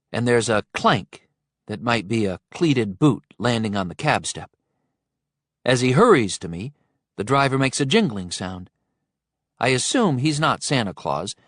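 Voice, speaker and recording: A man narrating a first-person thriller audiobook in a middle-pitched voice. His storytelling is wry and dryly funny. The recording is dry and close. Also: dry recording.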